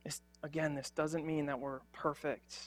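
A man's voice: fairly high pitch, flat delivery, normal speed, faint music behind. A young man preaching a sermon as a pastor, earnest and conversational, with frequent fillers and restarts.

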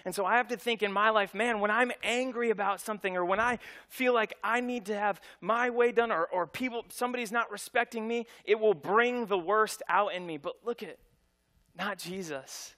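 Middle-aged male pastor, casual storytelling sermon, bright higher voice. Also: normal speed. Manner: conversational, animated storytelling with voiced quotes.

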